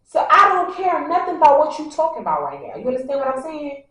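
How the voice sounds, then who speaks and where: A woman vlogger with a high voice tells her story straight to the viewers, animated and acting out the other people's words. She sits back from the mic in a very echoey room. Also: fast talker. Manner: animated, acts out what people said; talks straight to the audience, addressing them directly. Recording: very echoey, a bit far from the mic.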